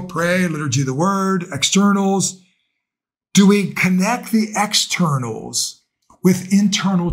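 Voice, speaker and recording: A man, a priest, preaching a sermon to camera in a conversational, earnest way, asking rhetorical questions. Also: high-pitched.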